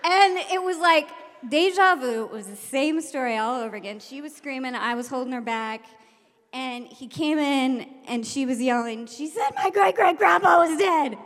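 High-voiced woman telling a story in a hall. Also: moderate pace. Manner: animated, acts out voices and shouts in quotes. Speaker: teacher. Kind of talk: storytelling to an audience.

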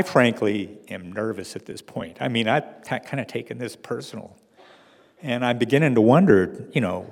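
Gravelly man telling a wry story. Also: medium pitch, in a large hall. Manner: wry, dry humor. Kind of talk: personal story told to an audience.

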